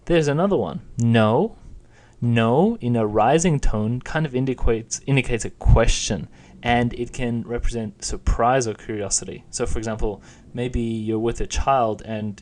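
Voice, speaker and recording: Young man, teacher, patient explainer, mid-pitched voice, lesson narration. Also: a little mellow. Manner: patient, plain explaining with demonstrated intonations. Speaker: Chinese teacher.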